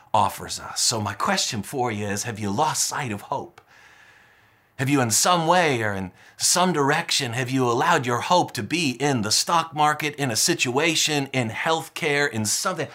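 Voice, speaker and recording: Male preacher, high bright tone, forceful sermon delivery with lots of repetition. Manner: emphatic, repetitive, rousing. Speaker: pastor.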